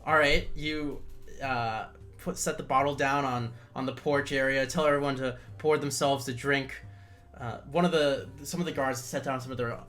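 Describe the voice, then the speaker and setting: A man narrating a tabletop game as game master, at a middle pitch. He talks haltingly, restarting his sentences often. Faint music plays quietly behind him. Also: fairly even intonation. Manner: halting, with many fillers and restarts.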